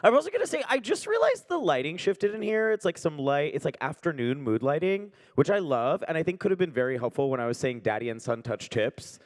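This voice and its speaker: A man hosts a comedy show, introducing comedians and making self-mocking jokes between acts. His slightly high voice swings widely up and down as he talks. The sound is close and dry. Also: big pitch swings, brisk, few pauses, no room sound. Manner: self-mocking, joking, up-and-down delivery. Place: comedy venue on stage.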